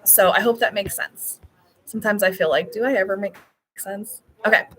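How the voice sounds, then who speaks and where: A woman's voice: mid-range voice, fairly even intonation, moderate pace, slightly rough, soft background music. A woman travel agent hosting a casual live stream from a beach resort, chatty and rambling, laughing often.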